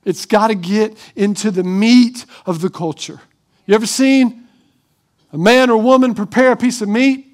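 Male pastor, very high voice, animated sermon delivery, acts out crowd chants. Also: normal speed.

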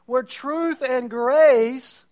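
Very high-voiced preaching pastor. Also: male voice, drawn-out words, darkish tone. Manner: preaching, mocking quotes of others. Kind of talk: sermon.

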